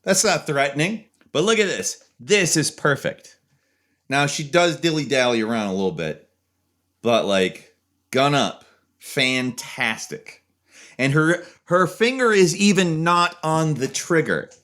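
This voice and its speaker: A man's voice: a little high, unhurried. A young man giving a casual tutorial walkthrough, chatty and jokey. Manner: animated, jokey, chatty explaining. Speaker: video creator.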